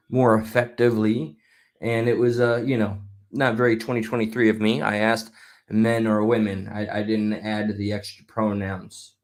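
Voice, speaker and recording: This is a man hosting a live stream and chatting casually into a spatial mic. He rambles, drifts between thoughts and often breaks off to start again. His voice sits at an ordinary pitch for a man. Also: roomy sound. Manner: rambling, chatty, stops mid-thought and restarts.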